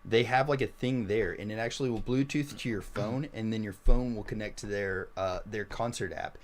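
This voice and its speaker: A man hosting a live-stream reaction video, chatting excitedly and enthusiastically. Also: on the low side, moderate pace. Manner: excitable, enthusiastic, says "freaking" a lot.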